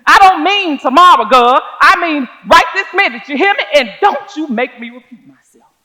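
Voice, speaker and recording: A menacing man, put on by an actress, barking loud, raised threats in a sharp, forceful voice. His words ring with the long reverb of a stage. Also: high voice, sing-song, unhurried, heavily acted. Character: menacing, hostile Southern white man.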